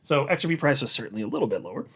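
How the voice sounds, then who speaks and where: A man hosting a casual commentary show, reading out analysts' posts and reacting to them in an animated way as he talks straight to viewers. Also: mid-range voice, racing, breathy edge. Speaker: crypto market commentator, channel host. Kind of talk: casual market commentary to camera.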